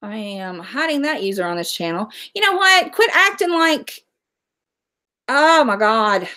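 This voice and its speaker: A woman's voice: sits high, very animated, normal speed, sharp tone. A middle-aged woman, hosting a casual livestream, chatting and answering viewer comments. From West Virginia, USA. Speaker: livestream host.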